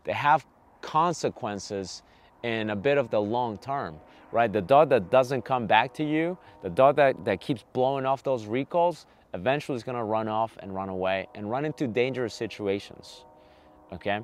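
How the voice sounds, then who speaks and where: A man's voice: medium pitch, lively intonation, moderate pace. A man hosting a dog training podcast, talking on his own, hammering each point home with repeated "okay?" and "right?" and acting out little exchanges with dogs. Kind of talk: solo podcast monologue.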